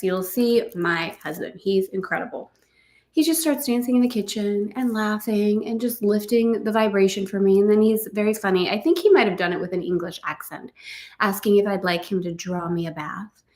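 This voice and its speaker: A middle-aged woman hosting a casual spiritual live chat, repeating gentle affirmations and laughing often. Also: mid-range voice, echoey room. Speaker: host.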